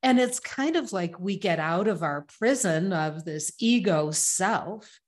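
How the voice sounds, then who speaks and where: A woman's voice: fairly low pitch, expressive, slow. Emphatic woman guest on a sobriety podcast. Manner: earnest, emphatic, lists ideas in punchy repeated phrases. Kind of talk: casual interview chat.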